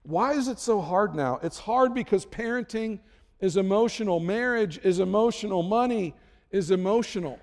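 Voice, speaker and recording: A man's voice: sits high, normal speed, darkish tone, in a large hall. A middle-aged man preaching a sermon as a pastor, conversational and self-deprecating with jokes.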